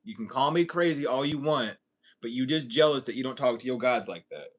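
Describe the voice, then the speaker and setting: A man's voice: medium pitch, expressive, brisk. A man answering questions in a casual livestream, joking and rambling with a lot of swearing. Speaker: spiritual content creator answering questions.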